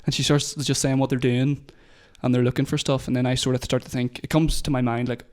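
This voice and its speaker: A young man tells a story at a fast clip in loose, casual podcast chat. His speech is packed with "like" fillers and swearing, and his pitch sits in a middle range. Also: level tone, a little mellow. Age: young adult.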